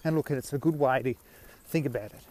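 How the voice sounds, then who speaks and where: A man's voice: mid-range voice, fairly quick, a little mellow. An Australian man hosting a podcast, talking in a rambling, self-mocking way while out walking his dog. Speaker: podcast host. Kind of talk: casual rambling monologue.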